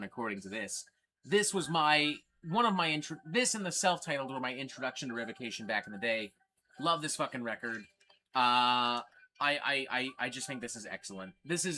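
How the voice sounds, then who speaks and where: Male metal-stream host: blunt, swears constantly, bright, forceful voice. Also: mid-range voice. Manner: profane, blunt and ranting; excitable while showing records. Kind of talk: livestream casual chat.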